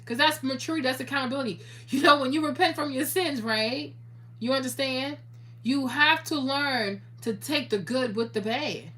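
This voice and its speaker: A young woman vlogging straight to her viewers in a loose, chatty monologue. Her voice sits a little high, and she swings from cursing to earnest advice without slowing down. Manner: animated, profane, preachy, talks straight to viewers. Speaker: YouTuber.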